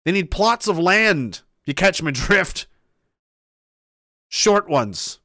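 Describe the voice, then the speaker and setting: A man's voice: high-pitched, sing-song, takes it slowly, pushed and bright, no room sound, clean studio sound. A man delivering a heated, profane opinion rant, emphatic and rambling, with restarts and asides.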